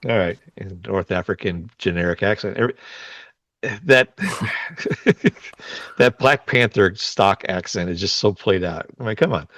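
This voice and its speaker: A man's voice: deep voice, normal speed, fairly bright tone, dry recording. A man co-hosting a podcast, casually chatting with an opinionated, grumbling, sarcastic manner. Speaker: podcast co-host. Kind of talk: casual chat.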